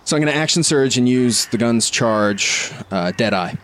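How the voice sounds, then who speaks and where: A man's voice: medium pitch, animated, moderate pace, a bit bright. A man playing a tabletop role-playing game, chatting and thinking aloud as he works out his dice rolls. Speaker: player. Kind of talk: casual tabletop play.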